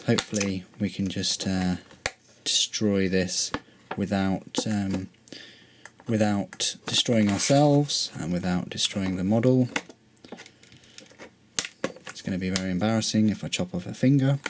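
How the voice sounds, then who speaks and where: A man's voice: low-pitched, measured pace, pauses often, background noise. A man from Britain doing a casual unboxing and review vlog, wry and self-mocking, full of rambling asides. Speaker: hobby reviewer.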